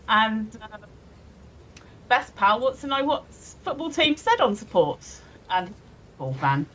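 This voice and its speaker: A woman's voice: on the high side, big pitch swings, slow pace, pauses often, a bit bright, rough recording. A woman co-hosting a casual live stream, giggling often as she reads viewers' messages aloud. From England. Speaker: stream co-host.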